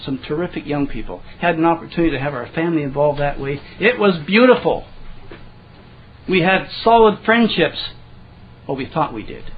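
A man with a fairly high voice preaches in a relaxed, folksy way. He stumbles over and repeats his words, then slows down to read scripture. The recording is dull and lo-fi. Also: a little hiss or hum. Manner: folksy, repeats and restarts words, reads scripture slowly, clears throat often. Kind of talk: conversational sermon.

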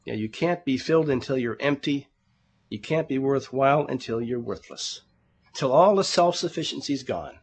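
A man's voice: mid-range voice, expressive, normal speed, husky. A man preaching a sermon in an earnest, conversational way. He calls the congregation brethren and often repeats words while he searches for the next one. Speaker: pastor.

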